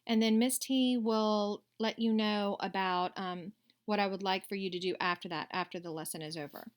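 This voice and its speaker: A woman teacher giving a recorded lesson to young children, patient and unhurried with occasional hesitations. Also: mid-range voice, steady tone.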